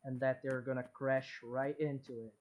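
A man co-hosting a podcast in casual chat, slowly recapping an episode. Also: medium pitch, flat delivery. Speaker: podcast co-host.

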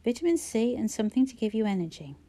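A calm, gentle schoolteacher man who teases kindly, spoken softly as a woman narrator reads him. The tone stays mellow and warm, with a quiet, low-key delivery from an audiobook reading. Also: fast. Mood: gentle, teasing.

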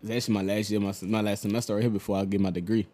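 Laid-back young New podcast host. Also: male voice, lowish voice, little pitch movement, rapid-fire, warm tone. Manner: laid-back, laughs often, frequent "you know what I'm saying". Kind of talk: casual chat.

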